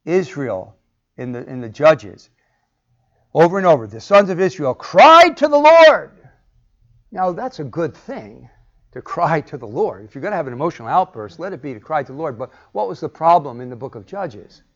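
A man leads a Bible study, calling on members by name and acting out the quotes he reads. His voice sits somewhat high. The recording is dull and lo-fi. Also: lively intonation, fairly quick. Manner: questions the class by name, acts out quoted lines. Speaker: teacher leading a Bible class. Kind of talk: interactive Bible teaching. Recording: muffled lo-fi recording.

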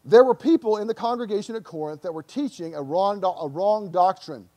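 A man's voice: sits high, lively intonation, brisk, dark tone. A man preaching a sermon to his congregation as pastor, earnest, often repeating words and putting searching questions to the listeners. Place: church.

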